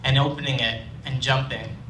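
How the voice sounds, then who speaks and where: A young man telling a personal story on stage at a storytelling night, conversational and self-deprecating, with halting restarts. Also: medium pitch, steady tone, sharp tone, slight background noise. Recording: roomy live hall, distant mic, faint ambience.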